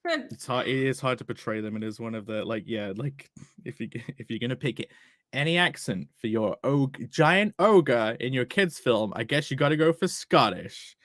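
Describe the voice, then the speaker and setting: A man's voice: medium pitch, lively intonation, normal speed, fairly bright tone, no echo, studio quality. A man chatting casually about a comic, enthusiastic and laughing often. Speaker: streamer discussing a comic. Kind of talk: casual chat.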